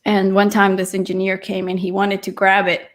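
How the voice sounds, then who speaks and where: A woman hosting a live-streamed talk show. Her manner is chatty and effusive, and she praises her guest freely. Her voice sits at an ordinary middle pitch. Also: completely flat delivery, moderate pace. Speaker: host.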